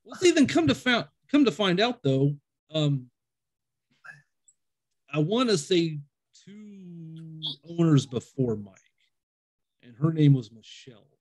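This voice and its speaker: Man, somewhat high voice, chatty skeptic spinning long, winding ghost anecdotes. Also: big pitch swings, takes it slowly, long pauses. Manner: rambling storyteller, acts out quoted dialogue; self-described skeptic and overthinker. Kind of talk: casual conversation.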